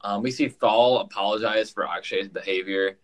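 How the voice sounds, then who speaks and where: A man's voice: fairly low pitch, fairly even intonation, moderate pace, poor audio. A man co-hosting a casual podcast, recapping an episode in a rambling way and repeating words as he goes. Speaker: podcast co-host.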